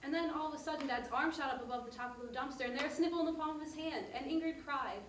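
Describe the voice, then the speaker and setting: A woman's voice: sits high, very fast, a little hiss or hum, lightly acted. An actor on stage playing a mother who tells her daughter a detailed family story. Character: mother recalling a family trip, warm and detailed. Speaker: narrator. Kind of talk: stage monologue. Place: theater stage. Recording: echoey stage heard from a distance.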